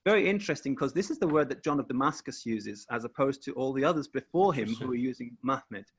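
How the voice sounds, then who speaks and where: A man's voice: mid-range voice, lively intonation, fast, dull audio, slight background noise. A man walking through word meanings in a careful explanatory talk, often repeating words as he shares his screen on a video call. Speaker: guest researcher.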